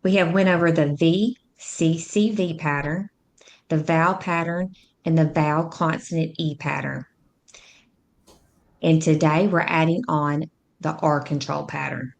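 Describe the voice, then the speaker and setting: A woman with a slightly low, steady voice walks through a phonics lesson like a patient reading tutor. She speaks slowly, clearly and instructively, sounding out each word syllable by syllable.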